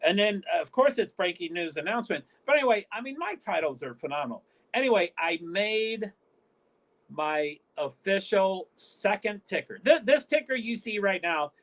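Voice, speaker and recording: A man's voice: high voice, fairly bright tone. A man from the northeastern US hosting his own livestream, talking in a rambling, stop-start way and often cutting himself off mid-sentence. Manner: rambling, stop-start, frequent self-interruptions. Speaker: livestream host. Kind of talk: casual livestream chat.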